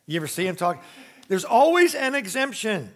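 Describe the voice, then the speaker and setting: Emphatic high-voiced male preacher. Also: sing-song, moderate pace, a bit bright. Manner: emphatic, conversational preaching with rhetorical questions. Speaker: pastor. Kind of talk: sermon. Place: church.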